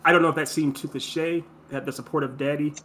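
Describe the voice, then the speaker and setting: A man in casual creative brainstorming chat, talking fast and animatedly, jumping into characters' voices. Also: fairly high pitch, steady tone, pushed and bright. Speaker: co-host.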